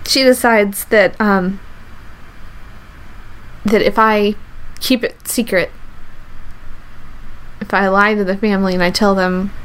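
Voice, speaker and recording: A woman telling a true personal story with an earnest, halting delivery. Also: medium pitch, fairly even intonation, smooth. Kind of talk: first-person true story told to an audience.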